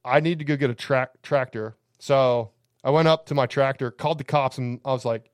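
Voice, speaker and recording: A man's voice: medium pitch, steady tone, moderate pace, no room sound, studio quality. A man, a campground owner, telling rambling, profane stories on a podcast. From Alabama. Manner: rambling, profane, laughing anecdotes. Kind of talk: casual podcast storytelling.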